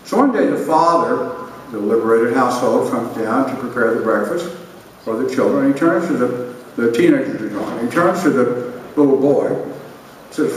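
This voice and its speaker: A man's voice: medium pitch, animated, moderate pace. A man giving a conference speech with a wry, joking storytelling manner, delivering a humorous anecdote. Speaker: conference speaker. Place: large conference hall. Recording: echoey hall, speaker from far off, faint noise.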